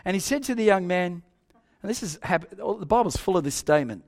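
An older man preaching a sermon, telling a story animatedly with soft asides and loud exclaims. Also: sits high, expressive, a little fast.

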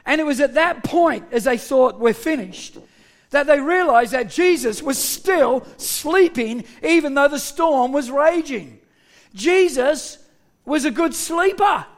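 A middle-aged man preaching a sermon to his congregation, joking with them and shouting key points for emphasis. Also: very high voice. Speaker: pastor.

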